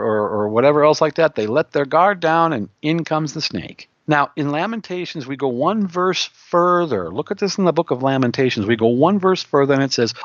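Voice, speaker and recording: A man preaching a Bible teaching in a loose, conversational way, often addressing listeners with asides and quick questions. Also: mid-range voice, no echo, lo-fi sound. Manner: conversational, with frequent fillers and rhetorical asides. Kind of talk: sermon-style Bible teaching.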